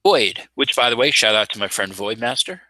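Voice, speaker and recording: A man's voice: on the low side, animated, fairly quick, bright, forceful tone, dry recording. A man hosting a casual home electronics video, narrating his typing and soldering with playful, showman-like announcer asides. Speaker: maker channel host. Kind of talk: casual live coding and tinkering commentary.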